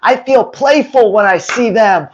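A man's voice: high-pitched, a little slow, lo-fi sound. A man voicing an eager playful puppy. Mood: excited. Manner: excited, wide-eyed.

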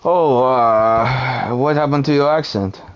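A man's voice: mid-range voice, slow pace, clear, resonant tone. A man in casual gaming voice chat who asks repeated puzzled questions and stammers.

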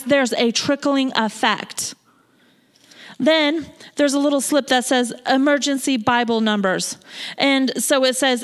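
A woman minister preaching in church in an animated, emotional way. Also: high voice. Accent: Pacific Northwest American. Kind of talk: sermon.

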